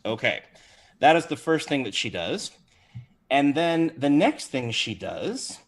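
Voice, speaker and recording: Animated male game master. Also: medium pitch, unhurried. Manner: animated, chatty, with fillers. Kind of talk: narrating a tabletop game livestream.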